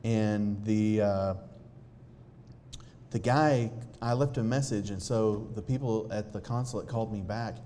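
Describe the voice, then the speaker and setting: A man tells his own story to an audience. His voice sits low and warm. He talks earnestly and haltingly, restarting sentences, and a faint noise floor hums beneath the recording. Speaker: speaker sharing a personal testimony.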